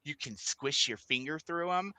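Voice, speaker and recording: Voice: medium pitch, animated, pushed and bright, no room sound, rough recording. A host, chatting casually and giggling through stories on a reading livestream. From Texas. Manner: giggly, storytelling, quick asides.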